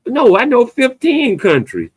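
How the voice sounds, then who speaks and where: A man, hosting an opinionated podcast chat in an emphatic, animated way. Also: extremely high pitch, a little slow, husky. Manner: animated, emphatic, loose conversational delivery with a playful edge. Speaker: podcast host.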